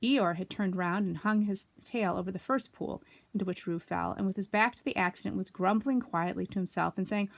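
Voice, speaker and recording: A woman reading a children's story aloud, expressive, with asides to young listeners. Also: medium pitch, brisk, creaky, dry recording. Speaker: storybook reader.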